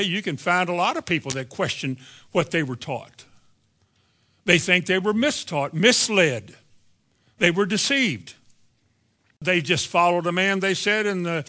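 Bright-voiced preacher man, emphatic. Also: fairly high pitch. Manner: emphatic, rhetorical questions to the congregation; sarcastic asides. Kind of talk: sermon.

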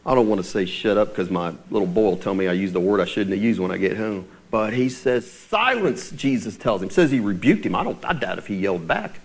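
A man's voice: on the low side, fast talker, few pauses, husky. A man preaching a sermon as pastor, telling stories and putting questions to the congregation. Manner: animated storytelling with questions to the congregation. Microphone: church sermon recording.

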